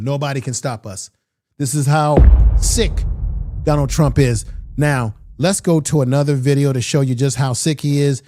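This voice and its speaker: A man's voice: fairly high pitch, mellow. A man giving opinionated political commentary with emphatic delivery and repeated rhetorical questions.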